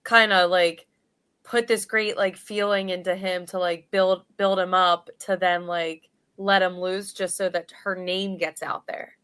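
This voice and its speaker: A woman's voice: on the low side, little pitch movement, a little slow, fairly bright tone, smooth. A woman in her thirties hosting a podcast, chatting casually about reality television with many "like" fillers. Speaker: podcast host. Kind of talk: casual chat.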